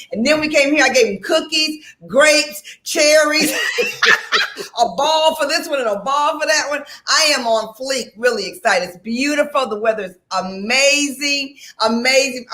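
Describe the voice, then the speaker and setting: A woman's voice: high-pitched, sharp tone. A middle-aged woman co-hosting a casual radio chat, exuberant and repeating herself for emphasis. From Detroit. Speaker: co-host.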